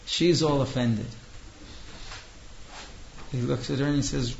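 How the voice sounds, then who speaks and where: A man's voice: medium pitch, steady tone, a little slow, gravelly, long pauses, lo-fi sound, slight background noise. A man teaching a class, telling a story with many fillers and restarts.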